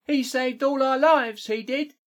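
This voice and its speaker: Willow, a man doing a high blunt companion. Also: a little slow, a bit bright. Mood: frank. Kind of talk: audiobook character voice.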